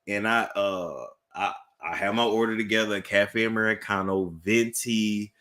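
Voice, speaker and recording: A man hosting a casual chat, telling lively stories and laughing often. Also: fairly low pitch, a little slow. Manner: animated storyteller, laughs a lot. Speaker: host.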